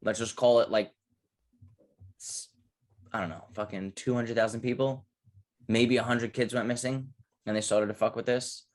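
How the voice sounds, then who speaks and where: A young man co-hosting a podcast, talking casually and rambling through profane, animated stories. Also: mid-range voice, normal speed, long pauses. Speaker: podcast co-host. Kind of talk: casual chat.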